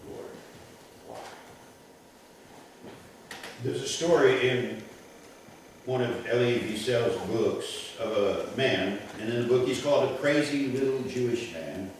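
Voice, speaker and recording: A pastor delivering a sermon, measured and emphatic, pressing his points with rhetorical questions. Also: fairly low pitch, noisy background. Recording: echoey church from a distant mic.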